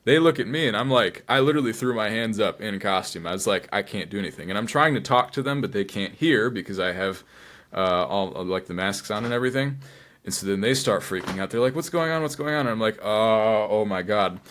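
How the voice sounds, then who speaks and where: A man guest telling a story with dramatic flair, dropping into hushed asides for his inner voice. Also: on the low side, fairly quick. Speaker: cosplayer guest. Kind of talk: animated storytelling.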